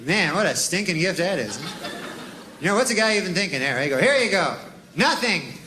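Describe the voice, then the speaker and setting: A man doing a deadpan, rambling stand-up routine full of folksy asides. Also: high voice, quick pace. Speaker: stand-up comedian. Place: comedy club stage with laughing audience. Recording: live club recording with crowd and noise.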